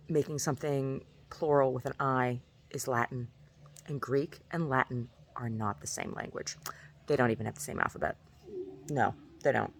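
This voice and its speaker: Gravelly-voiced woman rambling chattily. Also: extremely low pitch. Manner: rambling, chatty, asks "right?" often. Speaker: vlogger. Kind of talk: casual rambling monologue.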